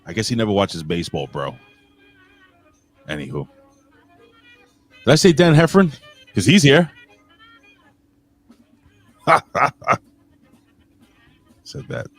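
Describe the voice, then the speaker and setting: A deep-voiced man hosts a casual wrestling podcast, his pitch jumping around as he jokes and greets people from the chat. His voice is a little husky, and faint music plays behind him. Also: no room sound. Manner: shouts out chat commenters, jokey, swings loud and quiet. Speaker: podcast host.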